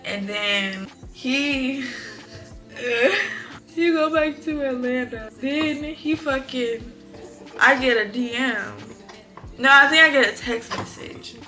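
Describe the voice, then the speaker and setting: A young woman, telling a storytime vlog in an animated, profane, exclamatory way. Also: high-pitched, slow pace, faint music behind. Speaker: vlogger. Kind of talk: casual storytime.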